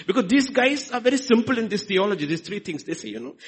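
A middle-aged man with an Indian accent preaching a sermon, swinging between loud emphasis and soft asides. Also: high voice, animated, fast, gravelly, few pauses, slightly rough, poor audio. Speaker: pastor.

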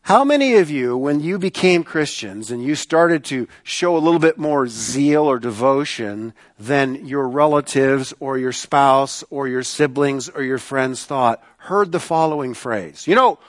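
A man's voice: mid-range voice, animated, unhurried, hardly any pauses, no echo. A man preaching a sermon in a conversational way, asking the congregation rhetorical questions and often repeating phrases for emphasis. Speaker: pastor.

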